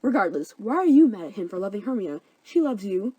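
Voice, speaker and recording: A woman's voice: medium pitch, big pitch swings, fairly quick, mellow, husky, no echo. A woman voicing Helena, a clingy, lovesick young woman who pleads in a whiny, raised voice. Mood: pleading.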